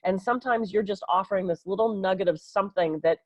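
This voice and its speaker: A woman's voice: medium pitch, quick pace, darkish tone, dry recording. A woman co-hosting a podcast in casual chat, talkative and self-deprecating.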